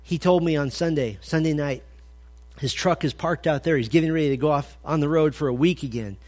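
Lively, joking man preaching to men. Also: on the high side, fairly quick. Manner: energetic and humorous, acts out little scenes; asks the listeners direct questions. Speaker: men's ministry speaker. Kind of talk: conversational sermon at a men's breakfast.

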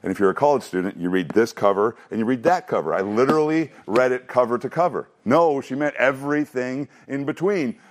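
A man preaching an expository sermon in an emphatic teaching manner, rushing through asides and slowing down to stress key phrases, often repeating himself for emphasis. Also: medium pitch, lively intonation. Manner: emphatic, shifting between quick asides and slow stressed phrases. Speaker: pastor.

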